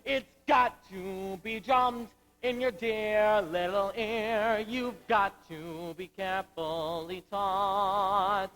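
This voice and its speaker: A teenage boy playing a troubled, earnest young Marine lieutenant in a school stage musical. His voice is high for a man and his delivery unhurried. He speaks in anguished, searching lines and sings a slow ballad. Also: bright, forceful tone, full character voice, poor audio. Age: late teens. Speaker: student actor in a school musical. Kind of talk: amateur stage musical acting and singing.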